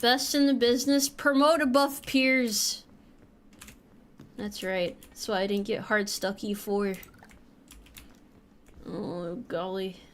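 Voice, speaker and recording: A woman's voice: mid-range voice, steady tone, takes it slowly, long pauses. A young woman streaming a game, chatting casually with a playful, joking manner and casual swearing. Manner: playful, jokey, swears casually while playing.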